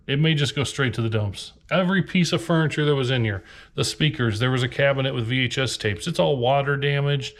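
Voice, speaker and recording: With a slightly high voice and a bit of hiss or hum in the audio, a reseller vlogger from Nebraska vents on camera in a storage unit. His rant is tired, frustrated, and meandering.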